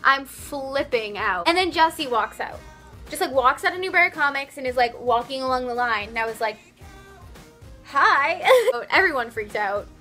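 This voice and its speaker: Young girl gushing through a storytime vlog, super bright voice, kinda high, says like a lot, faint music behind. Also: fairly quick. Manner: rambly, flustered, lots of "like". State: voice a bit worn after losing it at a concert. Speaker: vlogger.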